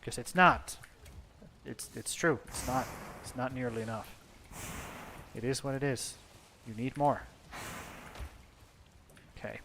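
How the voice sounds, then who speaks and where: A man's voice: medium pitch, takes it slowly, vocal fry, long pauses, sharp tone, slight background noise. A young man from Finland giving casual gameplay commentary, swearing freely, joking and talking to his character. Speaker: let's play gamer.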